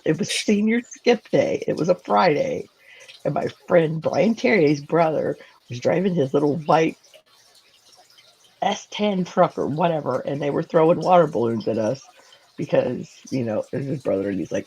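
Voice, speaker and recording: Gravelly, animated woman telling stories. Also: low-pitched, low-quality recording. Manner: animated, many "like"s, acts out quoted dialogue. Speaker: co-host. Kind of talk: casual chat, personal storytelling.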